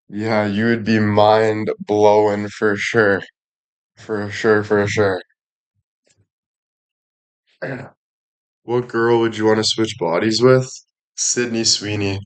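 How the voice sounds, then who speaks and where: A young man chatting casually to his audience, rambling and making crude jokes. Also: on the low side.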